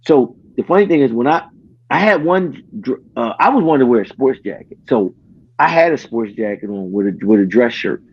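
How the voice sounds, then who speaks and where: A man hosting a podcast, telling a story in casual chat, animated, acting out what others said and often restarting his sentences. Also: medium pitch, brisk, breathy edge, dull audio. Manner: animated, acts out quoted dialogue, frequent restarts. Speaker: podcast host.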